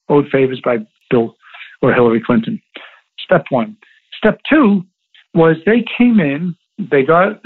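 A man, a guest in an interview, telling stories emphatically and repeating himself. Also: a little high. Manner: emphatic, repetitive storytelling. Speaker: interview guest, former Navy SEAL. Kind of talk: interview over the phone. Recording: tinny phone line.

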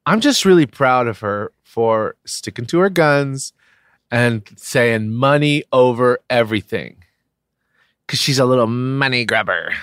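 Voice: mid-range voice, lively intonation, unhurried, a bit bright, clear, resonant tone, dry recording, studio quality. A podcast co-host bantering with a sarcastic, mock-outraged manner, often dropping to a mutter. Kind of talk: casual comic banter.

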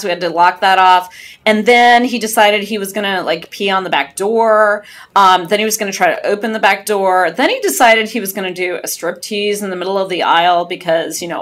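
A woman, a flight attendant union leader, telling a lively story as a podcast guest. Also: mid-range voice. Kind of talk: casual storytelling.

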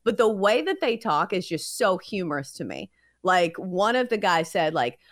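Lively-voiced woman co-hosting a podcast. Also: fairly low pitch, moderate pace. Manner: conversational, frequent "like" fillers. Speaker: sports betting podcast co-host. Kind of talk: casual podcast chat.

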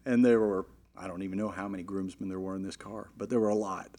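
A middle-aged man telling a long, animated anecdote in a casual way, with frequent "you know" fillers and restarts. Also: low-pitched, fast talker. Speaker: storyteller.

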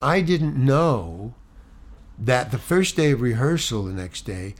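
A man at a medium, ordinary pitch recounts a story, stumbling and restarting as he goes. His telling is animated, jumping between loud outbursts and quiet, confiding asides. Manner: animated, halting, many restarts and repeats. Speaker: actor. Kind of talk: anecdotal storytelling.

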